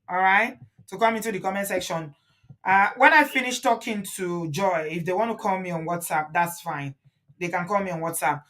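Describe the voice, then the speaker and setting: A Nigerian woman hosting a phone interview, speaking in a calm, soothing manner. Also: mid-range voice. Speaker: host.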